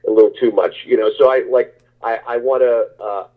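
A man's voice: mid-range voice, steady tone, fairly quick. A man, an actor, answering interview questions in a rambling, casual way with many restarts. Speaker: actor guest. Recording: tinny phone-like line.

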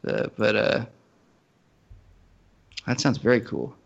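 Gravelly rambling man in casual chat. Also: lowish voice, slow, dull audio. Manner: rambling, animated, many fillers and restarts. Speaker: podcast co-host.

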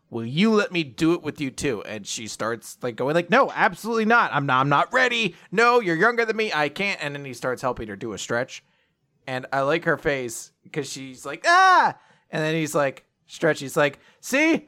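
Podcast co-host, male, playful recap delivery, high-ish and expressive. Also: normal speed. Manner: animated, laughing, acts out character lines. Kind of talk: casual anime recap chat.

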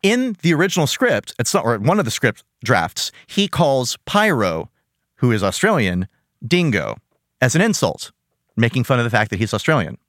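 A man hosting a casual cartoon review podcast, animated and joking, laughing often. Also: medium pitch, moderate pace, no echo, studio quality. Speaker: podcast host.

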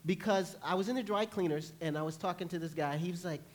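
A male pastor preaching a sermon, telling lively stories and acting out panicked voices. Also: high voice, fast talker, slight background noise. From New York. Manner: animated storytelling, acts out panicked voices. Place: church.

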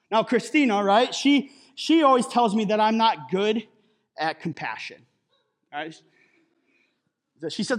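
A man's voice: high-pitched, lively intonation, unhurried, fairly bright tone. A man preaching a sermon as pastor in a conversational way, with jokey asides and a habit of adding "right?" after his points.

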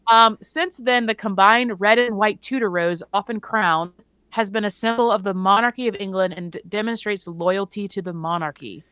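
A woman co-hosting a casual chat, reading facts aloud with filler words and quick self-corrections. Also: medium pitch, a bit bright, smooth, no room sound. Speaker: podcast co-host.

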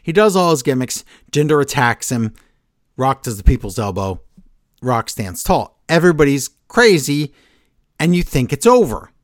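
Excitable man recapping wrestling on a podcast. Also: medium pitch, moderate pace, no echo, studio quality. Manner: excitable storyteller, recaps scenes and acts out quotes. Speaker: podcast co-host. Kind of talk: casual wrestling podcast chat.

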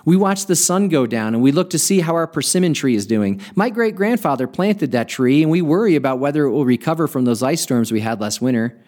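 A man's voice: a little high, expressive, brisk, darkish tone, close to an everyday voice. A man voicing a cheerful, tiny old man in his seventies who talks in a delighted, easy, friendly way.

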